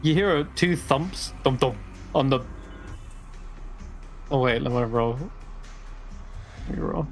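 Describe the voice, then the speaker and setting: A man narrates a tabletop game as dungeon master, easygoing and a little rambling. His voice sits at a middling pitch. Soft music runs faintly behind him. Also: slow pace, vocal fry, long pauses. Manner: relaxed, rambling narration with fillers.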